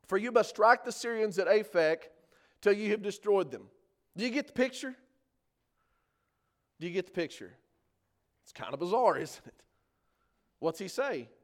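High-voiced man preaching with emphasis. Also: lively intonation, moderate pace, long pauses. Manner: earnest, emphatic preaching that builds in force on key points. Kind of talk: sermon.

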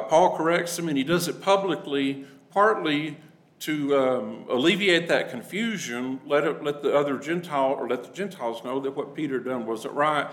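A man's voice: a little high, a bit bright, poor audio. A man teaching a conversational Bible class to a congregation, plain-spoken and acting out the people he quotes.

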